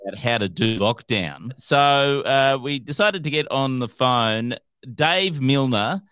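A teasing Australian man co-hosts a podcast, and his voice jumps high into mock outrage. The recording is close and dry, with a lively swinging pitch. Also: measured pace, clean tone, dry recording. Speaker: podcast co-host. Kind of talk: casual chat.

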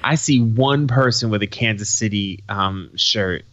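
A man's voice: lowish voice, a bit bright, no room sound, lo-fi sound. A man from Boston co-hosting a podcast, talking bluntly with plenty of swearing and laughter. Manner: blunt, profane, quick to laugh. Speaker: podcast co-host. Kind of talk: casual chat.

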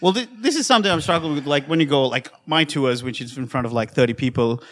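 A comedian and show regular in a relaxed podcast chat, with a notably high voice. He asks the questions, laughs easily and jokes about himself. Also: quick pace. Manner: joking, self-mocking, laughs at himself.

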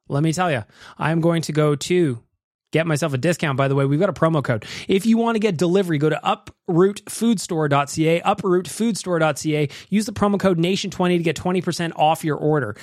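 A man's voice: on the high side, no room sound, studio quality. A man hosting a podcast, ranting with profanity and reading sponsor plugs. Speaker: podcast host.

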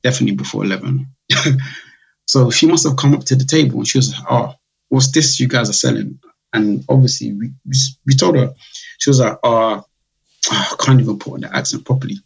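Gravelly husky man. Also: mid-range voice, quick pace, rough recording. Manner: chatty storyteller, acts out customers' voices. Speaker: guest, drinks brand founder. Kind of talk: casual podcast interview.

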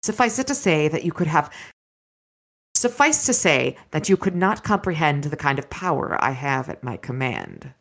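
A woman's voice: low voice, sing-song, moderate pace, exaggerated voice. Woman reading as a haughty ancient dragon man. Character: haughty ancient male dragon in human guise.

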